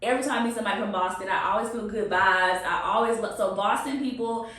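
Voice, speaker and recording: A woman's voice: medium pitch, quick pace, fairly bright tone. A woman hosting a video podcast in an office, effusive and rambling as she introduces and chats with a guest. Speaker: podcast host. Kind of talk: enthusiastic interview chat. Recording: echoey office room.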